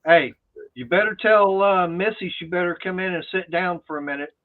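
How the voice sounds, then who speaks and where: A man's voice: high voice, a little fast. A man teasing and chatting casually. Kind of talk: casual chat. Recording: tinny phone-like sound.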